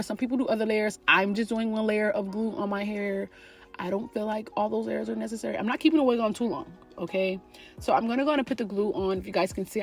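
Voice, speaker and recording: A woman's voice: medium pitch, a little mellow. A woman giving a chatty, sassy hair tutorial straight to her viewers. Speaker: beauty vlogger teaching a wig install. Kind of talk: casual tutorial voice-over.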